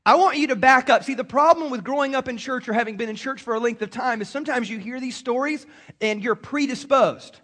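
A man preaching a sermon to a congregation, animated and acting out quoted voices. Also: very high voice, brisk. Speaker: pastor.

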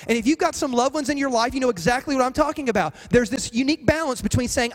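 A man's voice: very high voice, animated, rapid-fire, hardly any pauses, big-room sound. A man preaching a sermon as pastor, with an emphatic, repetitive cadence.

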